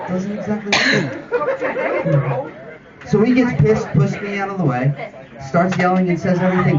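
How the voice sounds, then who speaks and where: Brief: high-voiced man, crude roast storyteller; distant, muffled mic, loud audience around him. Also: moderate pace. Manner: profane, exasperated storytelling. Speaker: roast speaker. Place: comedy roast venue with audience. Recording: distant lo-fi room recording with loud crowd.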